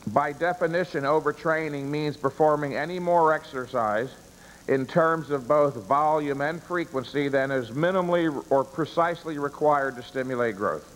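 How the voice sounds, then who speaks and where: A man's voice: on the high side, slight background noise. Emphatic man lecturing in a reverberant hall. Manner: emphatic, poses rhetorical questions and answers them; stresses key words deliberately. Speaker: seminar lecturer. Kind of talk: live seminar lecture. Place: seminar room with an audience. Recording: reverberant room, long echo.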